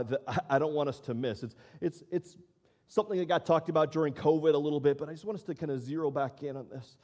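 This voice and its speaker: A man's voice: fairly high pitch, a little mellow. A man preaching a sermon in a church, talking in a conversational way, asking questions and repeating his words as he thinks. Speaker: pastor. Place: church auditorium.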